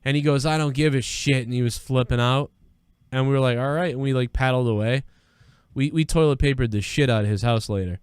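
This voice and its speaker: A man's voice: mid-range voice, fairly quick, smooth, dry recording. A man hosting a live news-reaction stream, talking in a rambling, profane, conversational way. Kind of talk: casual live-stream commentary.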